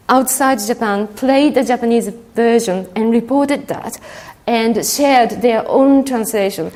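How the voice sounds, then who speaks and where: Woman, keynote speaker, conference talk, halting delivery with many fillers, somewhat high voice. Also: darkish tone. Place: conference hall.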